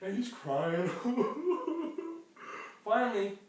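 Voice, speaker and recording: A storyteller improvising a lively bedtime story for a child, laughing often and acting out sound effects. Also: mid-range voice, very slow. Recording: echoey room, distant mic, faint noise.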